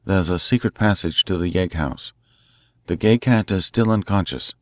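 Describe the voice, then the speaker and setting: A man voicing a resourceful male detective, calling out urgently and excitedly. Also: deep voice, moderate pace, dry recording, close to an everyday voice.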